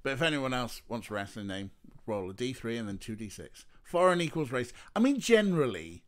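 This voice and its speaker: A man's voice: mid-range voice, very animated, a little fast. Chatty let's-play streamer man. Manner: chatty, laughs often, talks to chat. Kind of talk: casual let's-play commentary.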